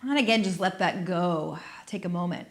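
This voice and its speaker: A woman movement instructor guiding an exercise class on a dedicated microphone, gentle, playful and encouraging, with soft laughs. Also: fairly low pitch, normal speed. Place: studio.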